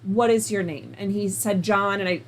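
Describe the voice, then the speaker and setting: A woman hosting a call-in show, telling a personal story in a casual, animated way and acting out both sides of the conversations. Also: medium pitch, normal speed, a little hiss or hum. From United States. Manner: animated, retells conversations in quoted dialogue.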